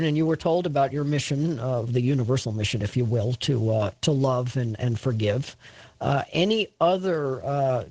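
A man hosting an interview, asking questions hesitantly with many pauses. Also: mid-range voice, darkish tone, no room sound. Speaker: host. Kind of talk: interviewing a guest.

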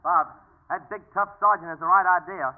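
A man's voice: high-pitched, fairly even intonation, a little fast. A man playing the comic sidekick in a 1940s radio comedy sketch, goofy and chuckling at his own gags. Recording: tinny old radio broadcast with hiss.

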